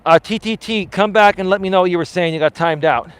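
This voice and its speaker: A man's voice: high voice, fast, a bit bright, smooth. A man coaching on a live stream while he walks outdoors, reading chat aloud and answering it in a passionate, emphatic, argumentative way. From Greek heritage. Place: outdoors on an urban street, walking.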